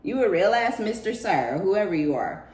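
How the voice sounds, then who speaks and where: A woman giving a casual spiritual reading in a profane, animated way. She jumps into high mocking voices and laughs often. Her voice carries an echoey room sound. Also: normal speed. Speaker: tarot reader.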